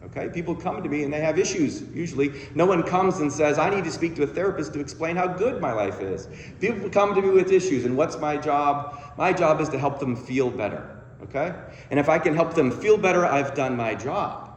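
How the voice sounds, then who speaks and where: A man's voice: on the high side, expressive, moderate pace, slight background noise. Man speaking in an echoey hall. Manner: conversational, self-deprecating, frequent "okay?" asides. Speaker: guest speaker, therapist. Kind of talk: sermon-style talk with humor. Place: church sanctuary. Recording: roomy hall reverb, faint ambience.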